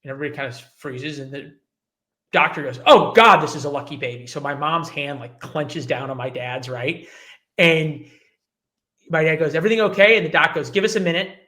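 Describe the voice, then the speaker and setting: A man's voice: mid-range voice, fairly even intonation, moderate pace, pushed and bright. A man in his forties, a journalist guest telling his life story in an interview, acting out the people he quotes. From United States. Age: 40s.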